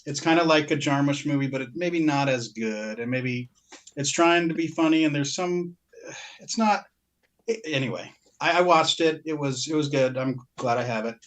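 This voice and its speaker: A man's voice: a little high, moderate pace. A man co-hosting a podcast, chatting casually about his purchases, rambling and breaking off mid-sentence with frequent laughs. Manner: rambling, self-interrupting, laughs often. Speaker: podcast co-host.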